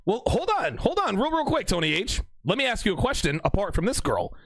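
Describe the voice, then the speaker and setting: A young man hosts a casual livestream, reading viewers' chat aloud and joking in mock courtroom style. His voice sits high and swings widely in pitch, with a gravelly rasp. The sound is dry and close, with no room around it. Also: a little fast, no room sound. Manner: animated, laughing, mock courtroom banter.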